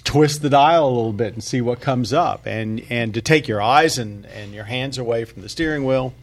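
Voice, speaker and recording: A man hosts a car podcast in a relaxed, chatty way. He laughs easily and runs a little short of breath while closing the show with a list of thanks. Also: medium pitch, normal speed. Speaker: podcast host. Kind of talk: casual roundtable chat.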